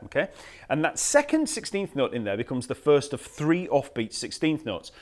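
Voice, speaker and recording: A man teaching a bass lesson, patiently explaining rhythms, counting beats aloud and scatting the patterns. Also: moderate pace, slight background noise. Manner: relaxed, patient explaining with fillers. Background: bass guitar playing.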